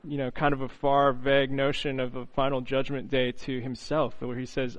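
A man preaching an earnest, reflective sermon, often pausing on "you know" and restarting phrases. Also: mid-range voice, flat delivery, dull audio.

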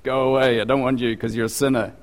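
Man doing a harsh lord's rebuke: slow, emphatic, long reverb. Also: medium pitch, flat delivery, lightly acted. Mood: stern.

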